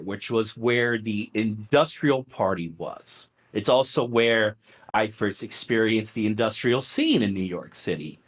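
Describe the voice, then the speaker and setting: A middle-aged man, a podcast guest, telling stories in a casual, conversational way with plenty of fillers. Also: medium pitch. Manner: animated, filler-heavy, conversational. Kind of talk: casual storytelling.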